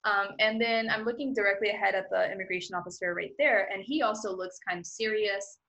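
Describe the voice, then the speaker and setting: A woman tells a personal story as a guest, chatting casually and loading her speech with "like" while acting out her own thoughts. Her medium-pitched voice is brisk, pushed and bright, and the audio quality is poor.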